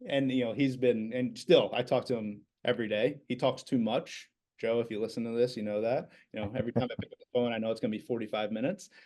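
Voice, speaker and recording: A man's voice: medium pitch, fairly even intonation, quick pace, few pauses, darkish tone. A man, a business owner in his thirties, telling stories casually as a podcast guest, with many fillers and repeated words. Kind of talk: casual interview storytelling.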